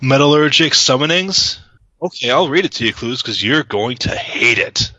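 A man's voice: medium pitch, lively intonation, moderate pace, bright, forceful tone, no room sound, muffled recording. A man co-hosting a podcast, chatting casually and teasing his co-host in joking banter. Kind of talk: casual chat about card games.

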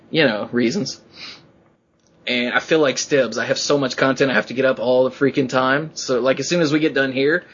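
An excitable man hosts a casual podcast chat, his voice husky and a little breathy. He tells rambling stories and acts out the quotes in a climbing voice. The audio is muffled and lo-fi. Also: medium pitch. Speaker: podcast host.

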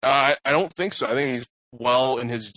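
A man co-hosting a casual podcast, relaxed and measured, steering the conversation. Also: mid-range voice, no echo, dull audio. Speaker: podcast co-host.

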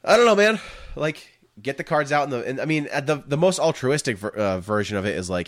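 A man co-hosting a casual podcast, talking in a rambling way with many fillers, with a froggy vocal fry and a hoarse voice. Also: mid-range voice, quick pace. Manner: rambling, lots of filler words. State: hoarse, coughing. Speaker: podcast co-host.

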